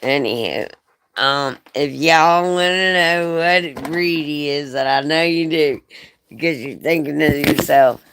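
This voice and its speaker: A woman's voice: sits low, a little slow, fairly bright tone, smooth, no echo. A woman talking casually to the camera and her dog, profane and giggly, slipping into playful baby-talk. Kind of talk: casual rambling vlog to camera.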